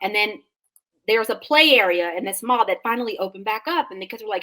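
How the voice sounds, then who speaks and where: A woman in her thirties co-hosting a podcast, telling an animated, sassy story in casual chat and acting out the people in it. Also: medium pitch, quick pace. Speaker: podcast co-host.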